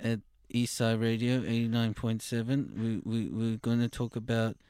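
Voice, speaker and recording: A man with a Dutch accent co-hosting a casual radio chat, eager and halting, often repeating words. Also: mid-range voice, fairly even intonation, warm tone, clear, resonant tone, dry recording, clean studio sound. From Netherlands. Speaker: radio show co-host.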